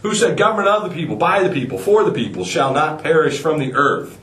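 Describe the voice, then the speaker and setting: A man's voice: fairly high pitch, sing-song, fast talker, a bit bright, pitched above the performer's own voice. A man voicing a strict schoolteacher who scolds her class, in a roomy, distant recording. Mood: stern. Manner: stern, scolding. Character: strict female schoolteacher, quick to anger.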